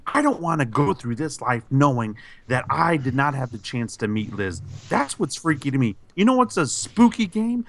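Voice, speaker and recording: A man co-hosting a podcast gives a hyped shout-out with playful, over-the-top praise. His delivery swings into mock bravado, talking big for laughs. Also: on the high side. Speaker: podcast co-host.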